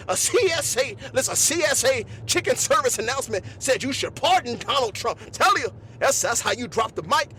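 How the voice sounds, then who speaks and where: A man hosting a podcast, delivering an animated comedic monologue full of laughs and repeated asides. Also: very high voice, normal speed, a little hiss or hum. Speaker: podcast host.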